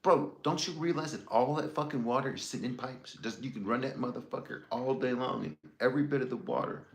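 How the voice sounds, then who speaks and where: A man's voice: mid-range voice, brisk, echoey room. A man livestreaming, telling stories in a casual, rambling way, swearing freely and laughing as he talks. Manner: profane, laughing, rambling banter.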